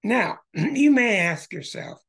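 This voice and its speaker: A man with a gravelly, husky voice talks through astrology charts as a show host. His delivery swings widely in pitch and comes in emphatic bursts of excitement. He keeps an unhurried pace.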